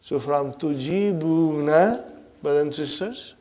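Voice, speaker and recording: Higher-voiced man teaching Arabic grammar. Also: slow pace, dark tone. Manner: checks in often with "huh?" and "are you with me?"; reads the Arabic lines aloud, then explains them in English. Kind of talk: classroom lesson.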